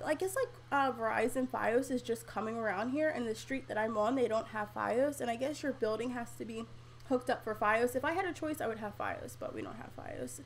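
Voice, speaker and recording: A young woman talks through a casual home livestream, reading viewer comments aloud into a desk mic. She chatters along with plenty of "like"s and frequent laughter. Her voice sits high, with a faint hum of ambience behind her. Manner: chatty, laughs often, many "like" fillers. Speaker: livestream host. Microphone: desk microphone.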